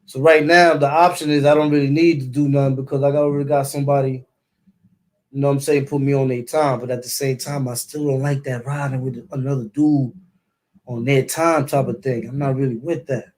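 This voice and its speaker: A man from Brooklyn speaks with a New York accent in a mid-range voice. He tells his story in loose street slang, repeating words and throwing in sound effects like "boom, boom". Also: flat delivery, a little fast, a little mellow. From East New York, Brooklyn. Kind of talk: casual storytelling.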